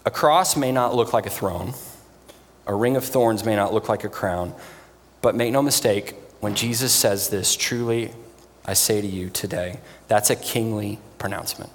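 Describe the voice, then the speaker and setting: Earnest low-voiced man preaching. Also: long reverb tail, slight background noise. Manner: earnest, emphatic, with pauses. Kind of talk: sermon. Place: church.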